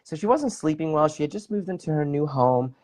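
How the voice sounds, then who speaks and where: Lively, animated man telling a story. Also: on the high side, brisk. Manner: enthusiastic, talks with his hands, lots of fillers. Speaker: guest, bodywork practitioner and facilitator.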